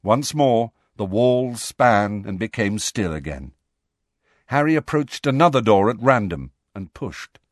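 A man reading a storybook aloud as audiobook narrator, in expressive scripted narration on a close studio mic. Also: lowish voice, a little slow, no echo.

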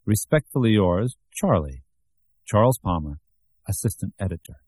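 Guy reading as polite formal editor, slow measured, low mellow voice, dry. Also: animated, husky, no echo. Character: polite male magazine editor, formal letter.

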